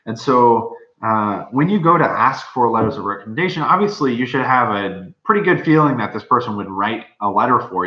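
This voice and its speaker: A young man, a medical student, giving rambling, informal advice with many fillers. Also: pushed and bright. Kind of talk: casual advice talk. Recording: dull, roomy low-fi recording.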